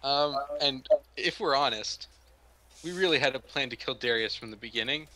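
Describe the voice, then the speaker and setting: A man's voice: mid-range voice, moderate pace, bright, forceful tone, low-quality recording. A man playing a tabletop game, wry and often laughing along. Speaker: player.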